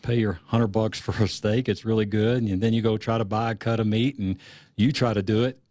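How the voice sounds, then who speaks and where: A man's voice: lowish voice, steady tone, a little fast, darkish tone, no room sound. A man hosting a radio talk show, casual and upbeat as he chats with his guest.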